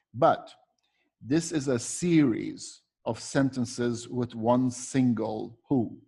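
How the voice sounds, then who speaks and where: A man's voice: mid-range voice, dark tone, husky. A man walking teachers through a lesson, asking and answering his own questions step by step. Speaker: teacher trainer. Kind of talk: recorded teaching walkthrough.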